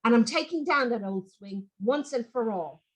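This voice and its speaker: A woman's voice: on the high side, animated, normal speed, close to an everyday voice. A woman voicing a cross farmer father in a children's storybook who speaks sternly and scolds the children. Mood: firm.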